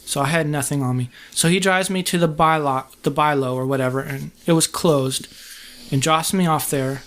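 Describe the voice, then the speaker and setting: Man with a slightly high voice. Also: fairly even intonation, a bit bright. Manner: earnest, halting retelling with frequent restarts. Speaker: podcast guest. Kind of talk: casual spoken storytelling.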